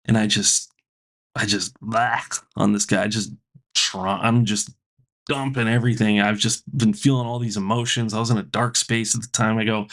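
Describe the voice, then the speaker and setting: Male stand-up comic, gravelly voice, animated storyteller, faint music underneath. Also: on the low side, normal speed. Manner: animated, acting out both sides of a story. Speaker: stand-up comedian.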